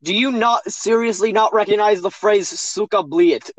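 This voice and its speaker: A man's voice: sits high, moderate pace, poor audio. A young man co-hosting a podcast, blunt and teasing in casual chat. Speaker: podcast co-host.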